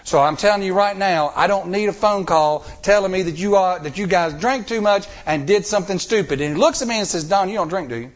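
Animated man preaching a sermon. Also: high voice, a little fast. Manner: animated, rising to emphatic peaks. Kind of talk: sermon with personal stories. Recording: recorded sermon tape.

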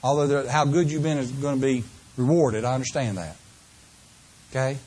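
A man preaching a sermon to a congregation, asking them questions and shifting between slow, drawn-out phrases and quick runs. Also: medium pitch, a little mellow, breathy edge. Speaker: pastor.

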